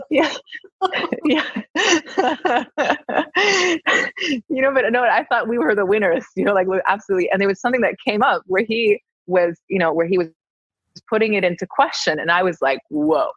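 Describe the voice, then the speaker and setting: A woman telling a candid personal story in conversation, animated and laughing often. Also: mid-range voice, fast talker, breathy edge, no echo. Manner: animated, laughs often, acts out her own quoted lines. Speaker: podcast conversation partner. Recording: dull, dry lo-fi sound.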